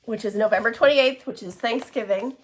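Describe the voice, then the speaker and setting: A woman chatting casually in a show-and-tell craft vlog, gushing and excitable, with many restarts and laughs. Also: a little high, brisk, a little hiss or hum. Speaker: cross-stitch vlogger.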